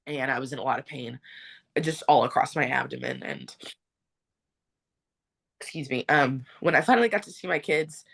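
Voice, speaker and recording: A woman's voice: extremely low pitch, moderate pace, gravelly, long pauses, a bit bright, slightly rough. Earnest young woman telling her story. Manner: earnest, rambling, many fillers. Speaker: podcast guest. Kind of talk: personal story in an interview.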